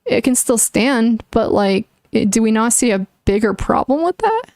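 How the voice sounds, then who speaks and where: A woman's voice: a little high, big pitch swings, normal speed, a little mellow, dry recording, clean studio sound. A young woman streaming, chatting casually with viewers and thinking aloud in an earnest, opinionated way, with many likes and restarts. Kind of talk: casual livestream chat answering viewers.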